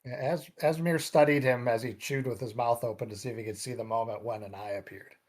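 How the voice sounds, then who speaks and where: A man with a medium-pitched voice narrates what his character does at a tabletop game. He talks in a measured, plain way. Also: fairly even intonation, darkish tone. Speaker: player.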